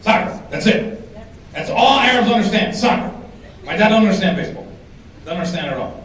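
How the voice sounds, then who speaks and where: A man doing stand-up comedy, animated and teasing the audience, sometimes shouting his punchlines. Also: high-pitched, brisk. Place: large hall with a live audience. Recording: echoey hall, distant mic, crowd.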